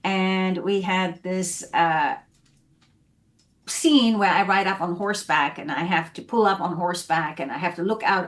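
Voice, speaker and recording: A woman from South Africa, an actress guest, telling animated stories in a casual interview and acting out the scenes and voices as she goes. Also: fairly low pitch.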